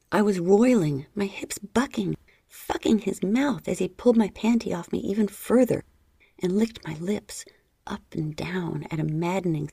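A woman reading a first-person story in a low, breathy, half-whispered intimate voice, close to the mic. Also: dark tone, no room sound. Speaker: narrator.

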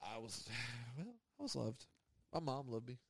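A man's voice: mid-range voice, sing-song, unhurried, creaky, a little hiss or hum. A young man who is a guest on a podcast, chatting casually, teasing and laughing often. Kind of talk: casual chat.

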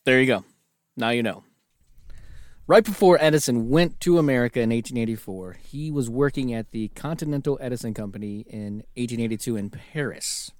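A man's voice: mid-range voice, a little fast, no room sound, clean studio sound. Jokey man in casual podcast chat. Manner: joking, laughs often, playful wordplay. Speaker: podcast co-host.

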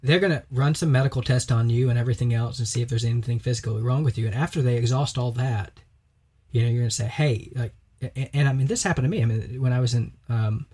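A man's voice: medium pitch, fast, darkish tone, slightly rough. A man co-hosting a religious podcast, talking emphatically and preachily and acting out quoted voices in casual discussion. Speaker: podcast co-host.

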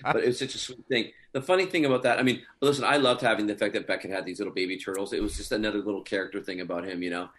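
A middle-aged man, a guest actor, telling funny behind-the-scenes stories in a casual, animated way and chuckling often. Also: lowish voice, very fast, hardly any pauses.

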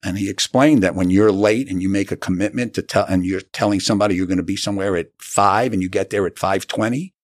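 A man's voice: sits low, fairly even intonation, fast talker, few pauses, no room sound, studio quality. A middle-aged man, an author telling his story earnestly in an interview and acting out the dialogue he recalls. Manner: earnest, acts out quoted dialogue.

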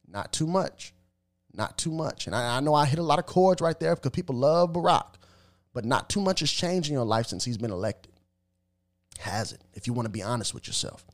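A man giving emphatic, preachy commentary with religious references, often repeating words as he stumbles. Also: mid-range voice.

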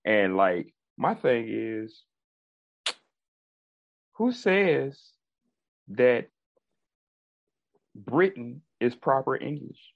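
A man's voice: medium pitch, sing-song, extremely slow, vocal fry, long pauses, no room sound, phone-quality sound. A man co-hosting a podcast in casual chat, rambling and repeating words as he builds his point. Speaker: podcast co-host.

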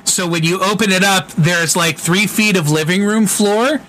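Dude running a tabletop game, kinda high bright voice, lots of ums. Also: male voice, moderate pace, a little hiss or hum, poor audio. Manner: loose, filler-heavy descriptions with profanity. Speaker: game master.

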